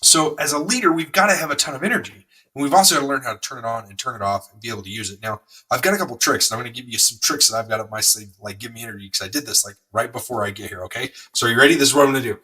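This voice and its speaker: A middle-aged man hosting a podcast, telling a rambling, energetic story with lots of fillers. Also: mid-range voice, rapid-fire, hardly any pauses, recorded from a distance, poor audio. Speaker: podcast host. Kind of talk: motivational podcast monologue.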